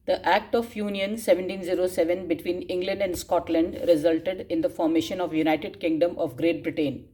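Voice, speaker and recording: A woman's voice: fairly low pitch, fairly even intonation, moderate pace, a little mellow. A woman teacher dictating class notes, spelling words out and repeating phrases, with frequent coughs. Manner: frequent coughs and throat clearing.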